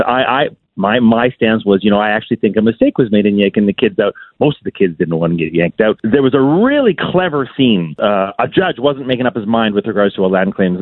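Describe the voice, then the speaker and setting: An enthusiastic man from Saskatchewan chats freely as a radio guest, peppering his talk with fillers. His voice comes through a tinny, phone-like line with no room sound, sitting at an ordinary mid pitch. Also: no room sound. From Saskatchewan, Canada. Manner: enthusiastic, talkative, with frequent "you know" fillers. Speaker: musician guest. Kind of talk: casual radio interview chat.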